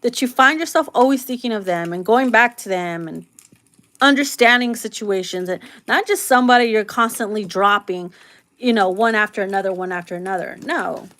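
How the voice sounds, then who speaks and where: A woman's voice: medium pitch, normal speed, a bit bright. A woman giving a casual tarot reading, blunt and profane, laughing a lot and acting out quoted lines in slangy voices. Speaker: tarot reader.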